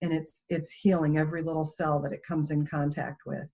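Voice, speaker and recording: A woman's voice: low-pitched, fairly quick. A woman guest in a conversational interview, telling stories with animation and frequent laughter. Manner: animated storytelling, laughs often. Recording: dull lo-fi interview audio.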